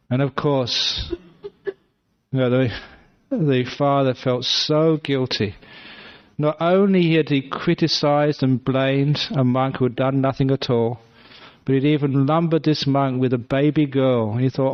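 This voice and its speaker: A man's voice: medium pitch, fairly even intonation, moderate pace, highs cut off. A man giving a Buddhist dharma talk, telling a story in a chatty, humorous way. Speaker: Buddhist monk teacher.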